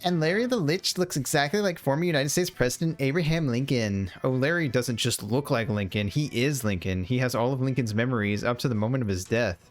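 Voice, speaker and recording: A man's voice: mid-range voice, brisk, hardly any pauses. A young man streaming a game, reading its text aloud in a playful way and slipping into silly voices for the characters, with faint music behind him.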